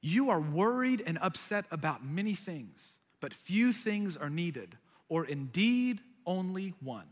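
A man voicing a gentle male teacher speaking slowly to calm someone down, in a sermon retelling. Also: fairly high pitch, in a large hall, pitched below the performer's own voice, full character voice. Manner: slow, soothing, measured.

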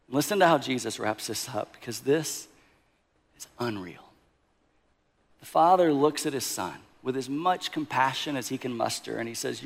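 A man preaching a sermon, retelling a parable with lively storytelling and hushed emphasis. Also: mid-range voice, normal speed. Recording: long hall reverb.

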